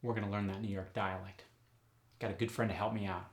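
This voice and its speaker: A man's voice: lowish voice, level tone, fast. A middle-aged man giving a step-by-step accent lesson, explaining methodically with examples. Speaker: accent coach. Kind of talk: instructional explanation.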